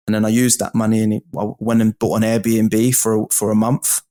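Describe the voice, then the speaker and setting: A man, a podcast guest, telling his story in a casual, animated way, swearing freely and calling the host bro and mate. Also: on the low side, a little fast, hardly any pauses.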